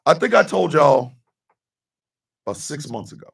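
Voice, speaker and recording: A middle-aged man delivers a blunt, profane monologue on his radio talk show, repeating his points for emphasis. His voice sits fairly high and sounds gravelly and husky. He is heard from a short distance off the mic. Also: very animated, normal speed.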